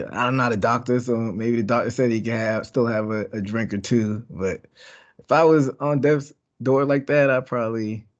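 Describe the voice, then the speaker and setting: Measured man on a dull lo-fi mic. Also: mid-range voice. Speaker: podcast co-host. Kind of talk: casual chat. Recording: dull lo-fi sound.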